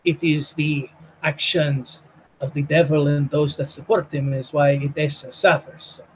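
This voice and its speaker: A man voicing a grandiose, pompous male vampire zealot in a tabletop game, speaking formally and slowly. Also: on the high side, level tone, a little hiss or hum, lightly acted, poor audio.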